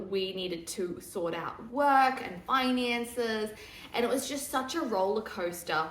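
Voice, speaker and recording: A young woman, pregnant, chatting casually and candidly to camera, laughing easily and dropping into a hushed voice for asides. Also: medium pitch. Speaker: vlogger. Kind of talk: casual pregnancy update chat. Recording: echoey room.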